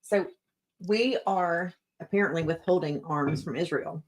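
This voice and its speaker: A woman co-hosting a money show, chiming in quietly and playfully from a bit farther from the microphone. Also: lowish voice, a little slow. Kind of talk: casual studio chat.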